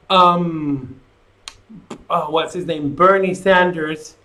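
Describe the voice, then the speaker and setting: A man's voice: a little high, unhurried, sharp tone. A man hosting a live call-in talk show, rambling casually and reading viewer comments aloud.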